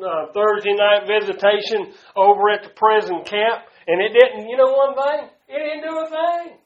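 A man preaching a sermon to a congregation, swinging from loud to hushed and calling out to the room. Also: sits high, echoey room, dull audio. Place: church before a congregation.

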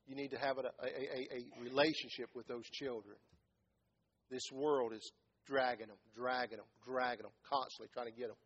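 A man preaching a sermon as pastor, swinging from loud impassioned calls down to low quiet words. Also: husky, lo-fi sound. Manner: impassioned, rising to shouts and dropping low.

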